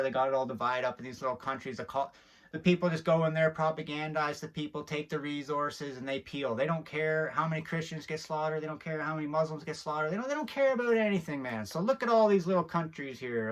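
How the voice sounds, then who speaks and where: With a fairly high pitch and a steady tone, a man hosting a video speaks briskly to camera. He's giving a heated, preachy rant and working himself up as he talks.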